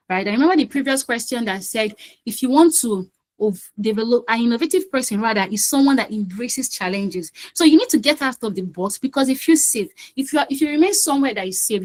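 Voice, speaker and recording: A woman's voice: fairly high pitch, low-quality recording. A woman hosting an online quiz session on a video call, chatty and coaxing, often repeating herself. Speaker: quiz host and session facilitator.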